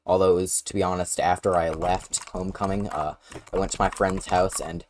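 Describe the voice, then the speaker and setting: A man's voice: deep voice, little pitch movement, fairly quick, a little mellow, slight background noise. A man casually recounting a personal story in a blunt, profane, sarcastic way.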